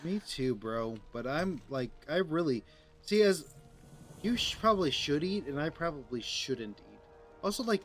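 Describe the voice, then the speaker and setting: A man's voice: fairly high pitch, big pitch swings, moderate pace, soft background music. A man giving casual commentary over his gameplay, rambling and joking with lots of filler words. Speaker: gaming streamer.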